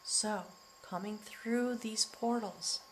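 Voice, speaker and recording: A middle-aged woman giving a spiritual tarot reading, earnest and emotional, slowly drawing out her words and sometimes dropping to a near whisper. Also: on the high side, slight background noise, poor audio. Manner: earnest and emotional, often choked up, breaking into soft laughs; slow, drawn-out delivery with soft near-whispered words. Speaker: tarot reader.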